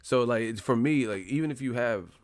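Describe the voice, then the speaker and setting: A man's voice: medium pitch, moderate pace, no echo. A man hosting a casual livestream chat, talking in slang, laughing often and putting on mock voices. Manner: laughs a lot, slangy, does mock voices of movie characters. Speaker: livestream host.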